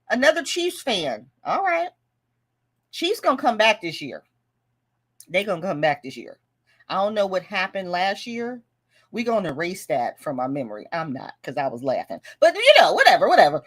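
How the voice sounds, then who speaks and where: A woman's voice: medium pitch, sing-song, moderate pace. A woman hosting a casual budgeting livestream, chatting, laughing and reading viewer comments aloud. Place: home livestream.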